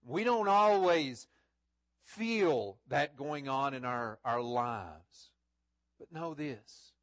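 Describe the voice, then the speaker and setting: A man preaching a Sunday sermon in church, often repeating words and rising to loud, stressed phrases. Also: mid-range voice, lively intonation, extremely slow, dry recording. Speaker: pastor. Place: church sanctuary.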